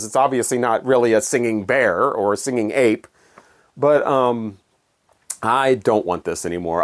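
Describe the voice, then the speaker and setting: A man chatting casually about records in his collection, with wry, sarcastic, rambling commentary. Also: medium pitch. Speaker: vinyl record collector vlogger. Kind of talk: casual chat.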